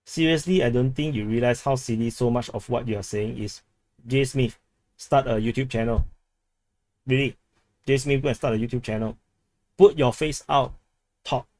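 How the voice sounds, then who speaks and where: A man's voice: medium pitch, moderate pace, pauses often, a little mellow, no echo. A man from Singapore with a Singaporean English accent, hosting a live stream and chatting casually as he reads viewer comments, often repeating words and laughing.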